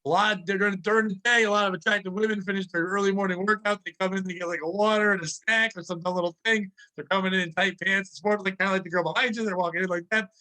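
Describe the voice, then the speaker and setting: A man co-hosting a podcast, telling work stories in a casual, profane, animated way and acting out the people in them. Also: high-pitched, fast, hardly any pauses, poor audio. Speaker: podcast co-host. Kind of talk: casual storytelling chat.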